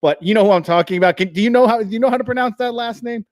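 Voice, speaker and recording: A man with a New Jersey accent hosting a live fantasy football show, talking fast and energetically with frequent restarts. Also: high-pitched, dry recording, studio quality.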